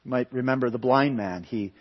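A man preaching a sermon in a dramatic way, dropping to hushed tones and then building to loud, emphatic peaks. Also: mid-range voice, a little fast, husky. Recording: long hall reverb, dull lo-fi sound.

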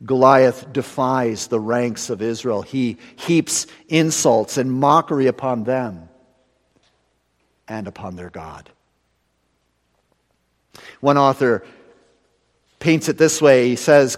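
A man preaching a sermon in dramatic style, slowing down for weight and rising to loud peaks. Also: mid-range voice. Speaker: pastor. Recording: long hall reverb.

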